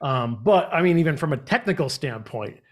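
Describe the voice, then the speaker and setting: A man's voice: a little high, lively intonation, brisk. Chatty man hosting a live stream. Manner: chatty, rambling, lots of fillers. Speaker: host of a live channel. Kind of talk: casual live-stream chat.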